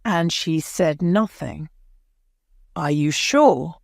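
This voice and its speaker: A woman's voice: low voice, very slow, gravelly, a little mellow, dry recording, studio quality, full character voice. A woman voicing a male defence lawyer who questions a witness firmly. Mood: probing. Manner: firm, probing questions.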